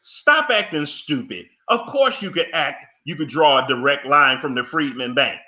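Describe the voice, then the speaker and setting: A man's voice: on the high side, expressive, normal speed, bright, forceful tone, highs cut off. A man giving fervent commentary, preachy and emphatic, scolding and pleading with his audience in folksy phrases. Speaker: commentator reacting to an interview clip.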